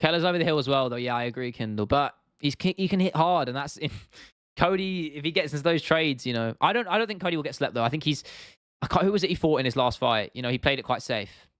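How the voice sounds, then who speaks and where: A man's voice: fairly high pitch, animated, quick pace, fairly bright tone, smooth, no echo, studio quality. A young British man in his twenties, hosting a casual livestream, chatting loosely with viewers, swearing and calling them "bro". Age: 20s. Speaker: livestream host. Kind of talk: casual livestream chat reading viewer comments.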